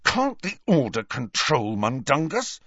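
A man voicing a hot-tempered teenage boy wizard who snarls and shouts in anger. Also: on the high side, big pitch swings, measured pace, breathy edge, dry recording, muffled recording, voice pushed up, full character voice. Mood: fuming.

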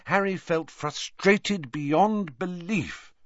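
A man narrating a novel aloud in an expressive storytelling manner. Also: high voice, slow, no room sound. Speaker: audiobook narrator. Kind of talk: scripted narration. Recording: dull dry audiobook recording.

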